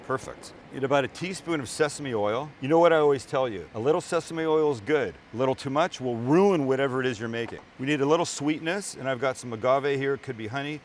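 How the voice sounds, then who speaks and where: A man's voice: medium pitch, quick pace, hardly any pauses, slight background noise. A middle-aged man hosting a casual cooking vlog from a hotel room, chatty and joking as he chops. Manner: joking, chatty, talks while cutting. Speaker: cooking show host.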